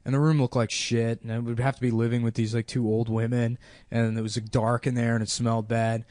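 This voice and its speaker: A man in his thirties tells a comic story on a podcast in a loose, rambling, deadpan way, packing it with fillers. His voice sits at a middle pitch. The sound is dry and close to the mic. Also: a little fast, no echo. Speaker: podcast host. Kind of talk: casual comedic storytelling.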